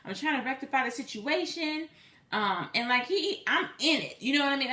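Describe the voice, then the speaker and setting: Animated woman telling a storytime. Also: high voice, moderate pace, roomy sound. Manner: animated, chatty, acts out both sides of a conversation. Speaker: vlogger. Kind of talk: personal storytime.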